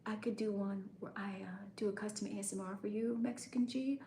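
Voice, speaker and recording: A woman doing a whispered role-play, voicing a soft-spoken woman who coaxes the listener through a bedtime routine. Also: mid-range voice, fairly even intonation, a little fast, echoey room, a little hiss or hum, natural voice. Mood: coaxing. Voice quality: breathy whisper.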